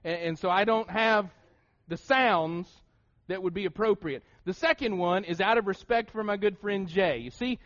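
A man's voice: sits high, normal speed, fairly bright tone. Brief: thirties male pastor, Appalachian accent, sermon delivery, tenor-ish voice, slightly muffled recording. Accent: Appalachian American. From Southern United States. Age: 30s. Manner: repetitive restarts, rhetorical questions. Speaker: preacher. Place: church sanctuary. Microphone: shared pulpit mouthpiece mic.

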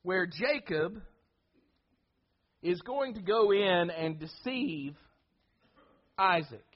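A man's voice: high voice, lively intonation, drawn-out words, lo-fi sound. A man preaching a sermon, emphatic, often repeating words and restarting phrases.

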